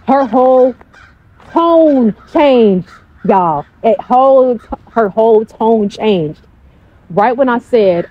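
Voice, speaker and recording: A woman's voice: on the high side, expressive, slow, long pauses, dull audio. A woman coach speaking in a casual, blunt storytelling style, swearing freely.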